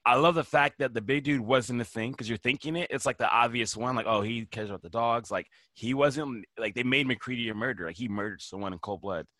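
A man's voice: medium pitch, fairly quick, hardly any pauses, no echo. A man on a casual film podcast, animatedly retelling movie scenes and swearing casually. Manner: animated, acts out movie lines in quoted voices, swears casually.

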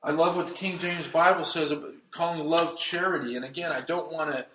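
A pastor preaching a sermon, swinging between loud emphasis and hushed, soft passages. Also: male voice, fairly high pitch, fairly even intonation, brisk, roomy sound, slight background noise, poor audio.

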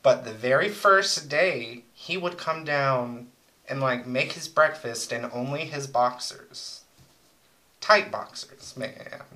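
A man's voice: mid-range voice, slow pace, sharp tone, poor audio. A young man chatting casually as co-host, rambling through crude, joking stories about old roommates. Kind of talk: casual chat.

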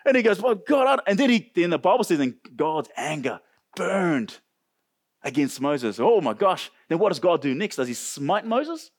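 A man with a New Zealand accent preaching a sermon as pastor, animated and jokey, talking straight to his congregation. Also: fairly high pitch, normal speed, husky. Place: church service.

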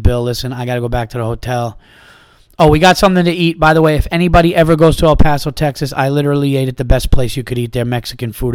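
A man hosting his own podcast, talking casually and a little hoarse from a sore throat, telling a rambling, profane story with lots of restarts. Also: medium pitch, no room sound, studio quality. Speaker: podcast host and comedian.

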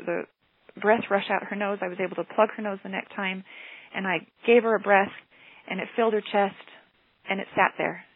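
A middle-aged mother telling a personal story in an earnest, halting way, often repeating words. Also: medium pitch, slightly rough, no room sound. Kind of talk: personal testimony. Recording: tinny phone-line sound, dry.

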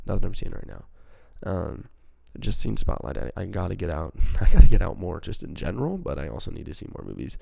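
A man's voice: sits low, big pitch swings, brisk, gravelly, few pauses, dark tone, no echo. A man hosting a casual solo podcast, rambling in a profane, self-mocking way into a handheld microphone. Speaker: podcast host.

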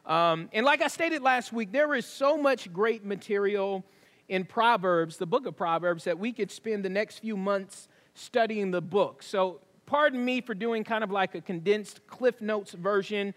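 High-voiced male pastor in a reverberant hall. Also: measured pace, a bit bright. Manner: conversational preaching with asides and laughs. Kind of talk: sermon. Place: church sanctuary.

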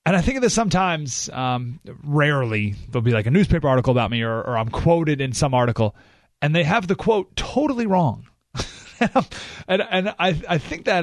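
A male talk radio host speaking at a fairly high pitch into a studio mic, with a dry, close sound. He talks casually, slows almost to a crawl to hammer home a point, then jumps up in pitch with animated exclamations. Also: dry recording. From San Diego area. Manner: emphatic, slows right down to stress points, animated outbursts. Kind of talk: conversational talk radio monologue. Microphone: studio microphone.

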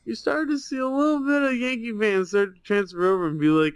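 A man's voice: high voice, steady tone, fast, smooth. A young man co-hosting a casual sports podcast over a webcam, ranting with heavy swearing. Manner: profane, heated, ranting. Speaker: podcast co-host.

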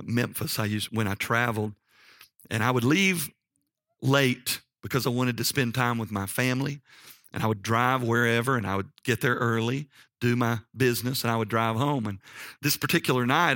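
Bright-voiced, animated male preacher. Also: dry recording, clean studio sound. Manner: animated, jumps up in pitch for emphasis. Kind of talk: sermon with personal storytelling.

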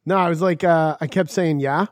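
A man's voice: on the high side, fairly even intonation, brisk, no room sound, clean studio sound. A man co-hosting a podcast in casual chat, telling stories, laughing often and swearing. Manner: storytelling, laughs often, profane. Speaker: podcast co-host.

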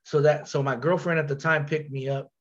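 Animated slangy man, slightly higher voice. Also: brisk, muffled recording. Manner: slangy, animated, full of repeats and restarts. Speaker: podcast guest telling a story. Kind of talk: casual storytelling.

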